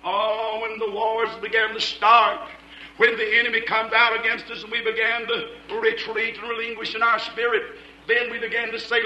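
Shouting preacher with a piercing high voice. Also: male voice, completely flat delivery, normal speed, roomy sound, muffled recording, a little hiss or hum. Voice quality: loud, rhythmic, repetitive preaching cadence. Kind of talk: fiery shouted sermon.

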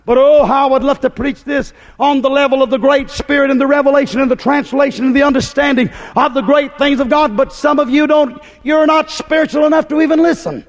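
A man preaching a fiery, folksy sermon to his congregation, often shouting and climbing in pitch. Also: fairly even intonation, brisk, few pauses. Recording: long hall reverb.

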